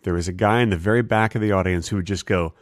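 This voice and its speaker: A man co-hosting a comedy podcast, telling stories deadpan and acting mock-indignant. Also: low-pitched, quick pace, no echo, studio quality. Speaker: podcast co-host. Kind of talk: casual comedic chat.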